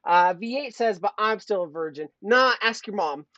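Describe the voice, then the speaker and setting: A man's voice: high-pitched, animated, moderate pace, sharp tone, no echo. A man co-hosting a casual livestream chat, jokey and rambling, laughing often as he reads out the chat. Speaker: podcast co-host. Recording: dull lo-fi stream audio.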